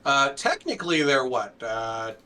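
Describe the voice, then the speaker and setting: A man's voice: mid-range voice, big pitch swings, unhurried, sharp tone, far from the mic. Easygoing man, a bit off-mic. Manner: easygoing, dry humor, frequent "uh". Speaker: co-general manager. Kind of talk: casual live draft commentary.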